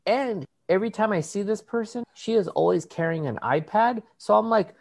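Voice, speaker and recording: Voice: mid-range voice, normal speed, gravelly, a little mellow. A podcast co-host telling a story in casual chat, swearing freely, laughing often and mimicking other people's voices.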